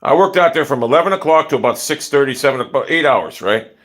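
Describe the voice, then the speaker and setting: A middle-aged man rants into his phone outdoors, swearing freely and telling animated stories. His voice swings widely in pitch, rising high when he gets worked up. The talk is loose and unscripted, a livestream chat. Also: fast talker. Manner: profane, blunt ranting; animated storytelling. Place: outdoors in a yard.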